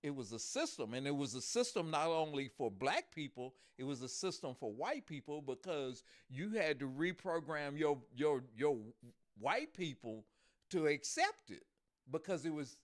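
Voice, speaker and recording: A man co-hosting a podcast, talking casually and acting out characters as an animated storyteller. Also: on the high side, normal speed. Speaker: podcast co-host.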